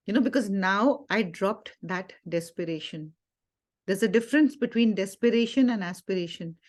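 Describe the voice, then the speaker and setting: A woman's voice: mid-range voice, moderate pace, a little mellow. Woman, spiritual teacher, earnest, conversational testimony. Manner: earnest storytelling with frequent fillers and quoted dialogue. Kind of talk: personal testimony in a Sunday talk.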